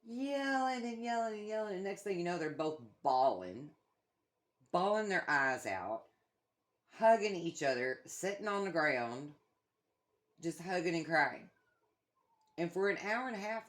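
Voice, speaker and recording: A middle-aged woman chatting casually, a blunt, profane storyteller who swears freely. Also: low-pitched. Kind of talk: casual chat.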